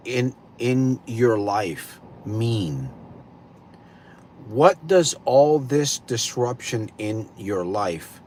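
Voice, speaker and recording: A man hosting a live stream, greeting viewers and slowly posing reflective questions to them. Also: medium pitch, a little mellow, slight background noise. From California. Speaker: livestream host.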